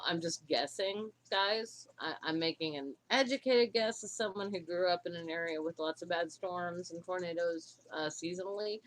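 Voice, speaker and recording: A woman co-hosting a livestream, talking in a halting, emotional way with many restarts. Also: fairly low pitch, fairly bright tone. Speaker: livestream co-host. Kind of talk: casual livestream chat.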